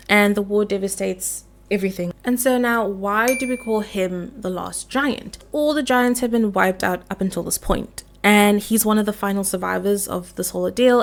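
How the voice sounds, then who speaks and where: A woman's voice: medium pitch, vocal fry. Young female vlogger, casual and playful, gossipy lore chat, mid-range voice. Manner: chatty, playful, swears casually. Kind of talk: casual lore chat while doing makeup.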